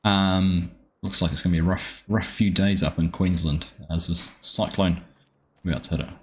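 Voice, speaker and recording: A man's voice: deep voice, steady tone, moderate pace, a little hiss or hum. A man streaming a farming game live, chatting easily and greeting viewers by name with plenty of ums.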